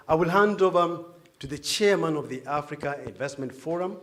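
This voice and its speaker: A man, a communications director, moderating a formal press conference with ceremonial, upbeat introductions and pauses. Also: fairly high pitch, slight background noise. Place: large conference hall.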